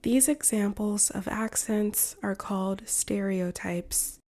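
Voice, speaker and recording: A woman from the United States, an English teacher reading a shadowing lesson in slow, carefully separated phrases. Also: medium pitch, steady tone, warm tone. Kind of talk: slow shadowing practice narration.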